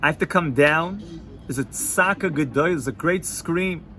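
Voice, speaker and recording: Man, rabbi's casual Torah class, lively joking delivery, slightly high voice, faint room hum. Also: moderate pace. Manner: animated and joking, peppered with Hebrew and Yiddish terms. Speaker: yeshiva rabbi teaching students.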